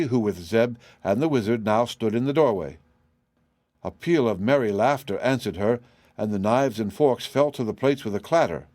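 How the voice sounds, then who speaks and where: A man narrating a classic children's novel as an audiobook in a steady, plain storytelling manner. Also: on the low side, no room sound.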